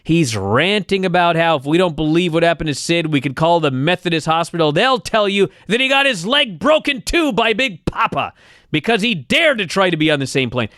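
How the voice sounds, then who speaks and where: Lively, opinionated man on a podcast. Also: fairly high pitch, brisk, no room sound, clean studio sound. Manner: opinionated, profane wrestling banter. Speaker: podcast co-host. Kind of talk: casual chat. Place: studio.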